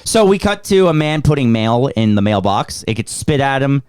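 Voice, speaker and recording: A man hosts a relaxed podcast and recaps a film's plot point by point. His pitch moves around a lot. The sound is dry and close. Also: moderate pace, smooth, dry recording. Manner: recaps the plot scene by scene, animated. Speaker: podcast host. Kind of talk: casual movie review chat.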